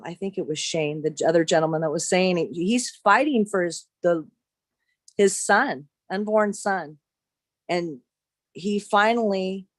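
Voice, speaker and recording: A woman telling a long personal story in casual chat, halting with many restarts as she retells what others said. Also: fairly low pitch, no room sound. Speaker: caller sharing a story.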